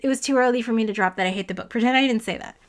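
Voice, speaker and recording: A woman's voice: fairly high pitch, racing. A woman, a physicist, giving a casual, exasperated and sarcastic spoken review of a novel, with a lot of "like" fillers. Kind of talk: casual commentary to camera.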